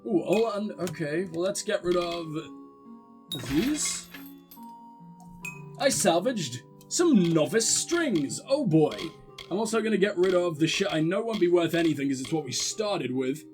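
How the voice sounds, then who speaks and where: Young male gamer, high-pitched, sardonic and profane, casual playthrough commentary over light game music. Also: very animated, unhurried, darkish tone. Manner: sarcastic, swears often. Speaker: let's play gamer.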